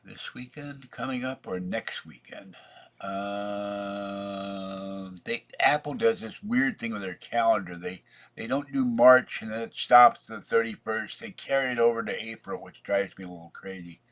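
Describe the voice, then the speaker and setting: A man's voice: lowish voice, unhurried, fairly bright tone. A man rambling through a casual vlog, chatty and meandering, talking to himself as he works at his computer. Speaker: vlogger.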